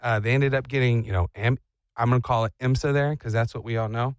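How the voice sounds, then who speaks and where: A man's voice: mid-range voice, fairly even intonation, fast talker, dry recording. A man hosting a morning radio show, joking playfully and slipping into silly voices. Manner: playful, acts out silly dog and owner voices.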